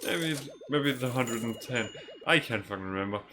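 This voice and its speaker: A man's voice: medium pitch, animated, fairly quick, background noise. A very tired man giving laid-back, swear-heavy commentary while playing a video game, often stopping and restarting his words. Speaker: gaming channel host. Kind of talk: casual let's-play commentary.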